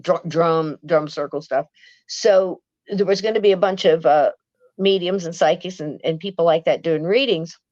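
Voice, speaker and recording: A woman's voice: fairly low pitch, moderate pace, a little mellow, no echo. Woman rambling thru a spooky story, restarts a lot, dry muffled mic. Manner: chatty, acts out quoted voices, frequent restarts. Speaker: guest, paranormal author. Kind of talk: casual storytelling chat.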